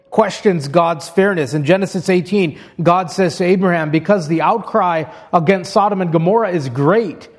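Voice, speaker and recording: A man with a high, slightly mellow voice preaches an expository sermon, earnestly reading scripture aloud and explaining it step by step.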